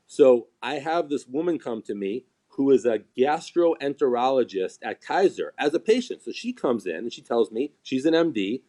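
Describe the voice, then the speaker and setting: A man who is a chiropractor, chatting on a live stream and acting out patients' words as he tells stories. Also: mid-range voice. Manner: animated storyteller, acts out quoted patients. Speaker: chiropractor and seminar teacher. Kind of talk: casual live-stream chat.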